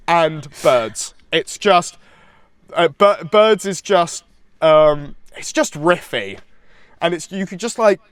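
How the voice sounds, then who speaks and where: This podcast co-host talks about music with casual, rambling enthusiasm, restarting his sentences and sounding congested from hay fever. His voice sits a little high and comes across animated, slow and smooth.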